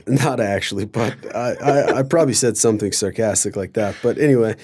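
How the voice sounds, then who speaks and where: Young man, very low voice, rambling sarcastic storyteller stuffed with fillers. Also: a little fast, darkish tone. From Colorado. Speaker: guest storyteller. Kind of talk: casual storytelling.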